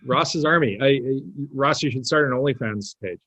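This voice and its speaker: A man's voice: medium pitch, brisk, fairly bright tone. Brief: male co-host, teasing and easygoing, ordinary mid voice. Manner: playful, teasing, runs the segments. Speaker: podcast co-host. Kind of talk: casual podcast chat.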